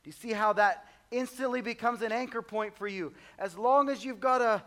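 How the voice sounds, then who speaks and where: A man preaching a sermon in a conversational, humorous way, swinging between soft low asides and loud high exclamations. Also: normal speed. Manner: conversational and humorous, acts out voices of the disciples. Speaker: pastor.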